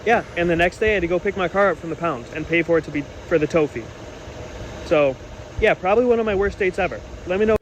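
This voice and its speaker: Fast-talking young man recounting a story. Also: sits high, noisy background. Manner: animated, indignant retelling with quoted dialogue. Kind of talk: storytime monologue to camera.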